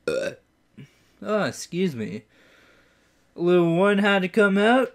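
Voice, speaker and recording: A gaming YouTuber giving let's play commentary, excitable and goofy, swearing often and mocking themselves. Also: mid-range voice, very slow, pauses often.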